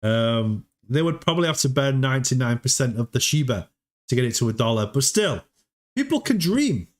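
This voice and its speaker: A man's voice: mid-range voice, brisk. A man hosting a casual livestream, chatty, often repeating words and laughing as he talks. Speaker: livestream host.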